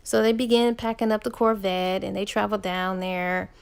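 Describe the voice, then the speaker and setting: A woman's voice: mid-range voice, steady tone, moderate pace, gravelly, smooth. A young woman casually retelling a romance novel, chatty with frequent laughs and fillers. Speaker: book reviewer.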